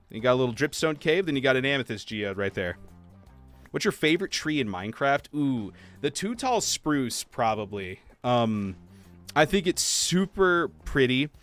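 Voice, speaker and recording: A man chatting casually while live-streaming a game, talking to viewers and laughing softly. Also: mid-range voice. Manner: chatty, animated, soft laughs. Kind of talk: casual livestream gameplay chat.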